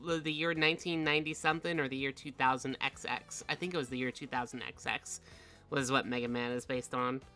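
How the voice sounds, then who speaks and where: A woman's voice: extremely low pitch, a little fast, soft background music. A woman streamer chatting casually, telling stories with lots of laughter and acted-out voices. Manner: animated storytelling with frequent laughs and acted-out voices. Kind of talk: casual chat.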